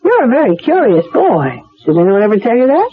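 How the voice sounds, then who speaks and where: A woman's voice: fairly high pitch, wildly swooping pitch, brisk, husky, exaggerated voice. An actress playing a bitter woman whose hands are paralyzed, in a 1970s radio drama. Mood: guarded. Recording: muffled, narrow-band old radio broadcast.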